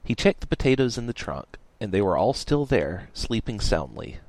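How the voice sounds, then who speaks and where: A man reading a story aloud in a wry, lively storytelling manner. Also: lowish voice, normal speed, no echo. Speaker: narrator.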